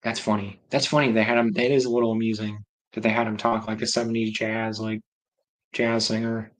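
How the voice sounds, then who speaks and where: On a low-quality recording, a livestream host with a lowish voice and little pitch movement speaks a little fast. He rambles in a casual chat while reacting aloud to what viewers comment.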